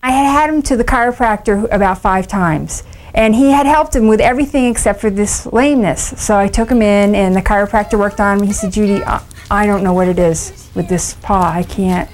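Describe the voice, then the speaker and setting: A woman's voice: mid-range voice, fairly quick, low-quality recording. A woman pet owner earnestly recounting a vet visit in a documentary interview.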